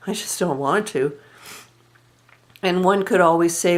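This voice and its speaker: A woman's voice: fairly low pitch, a little slow, pauses often. A woman telling a personal story in a candid, rueful and reflective way, sighing now and then. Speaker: vlogger.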